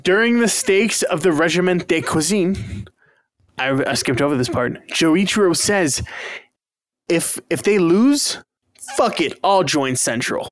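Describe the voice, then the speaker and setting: A man's voice: fairly high pitch, unhurried, no room sound. A young man casually recapping an anime plot with his co-hosts, swearing freely and acting out the characters' lines. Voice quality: profane, animated retelling with quoted voices. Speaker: podcast co-host.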